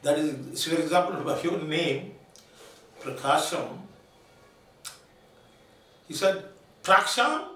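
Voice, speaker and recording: A man's voice: fairly high pitch, slow, long pauses, a little hiss or hum. A man lecturing on linguistics in Telugu-accented English, spelling words out letter by letter and repeating key terms, sometimes switching into Telugu. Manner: switches between English and Telugu mid-sentence. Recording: very echoey room, voice from far off.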